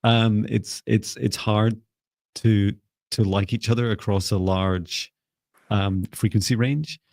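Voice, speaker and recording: A low-pitched man with a gravelly edge leads a meditation in an unhurried, soothing way, then moves into a live reading. He often restarts his sentences and fills pauses with "um." The sound is dry and close. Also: dry recording. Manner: calm, slow guiding voice with frequent fillers and restarts. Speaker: psychic reader and live-stream host.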